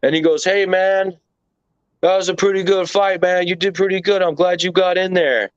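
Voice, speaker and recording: A man's voice: high voice, fairly even intonation, normal speed, clear, resonant tone, no room sound. A man being interviewed, telling a story casually and animatedly, with plenty of swearing and rambling asides. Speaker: interview guest. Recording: dull lo-fi dry recording.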